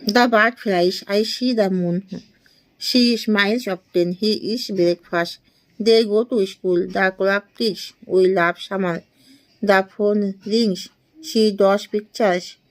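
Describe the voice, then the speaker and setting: Steady in tone and medium in pitch, the tutor, an Indian woman in her 20s, reads short English practice sentences deliberately and slowly, one by one, with little laughs. The recording is rough.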